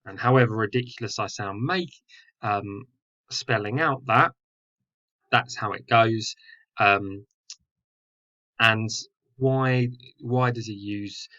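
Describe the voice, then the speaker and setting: Guy teaching a poem, slow and low, kinda muffled lo-fi audio, lots of ums. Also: sharp tone. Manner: explanatory, with fillers and self-corrections. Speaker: English teacher. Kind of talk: poetry lesson explanation.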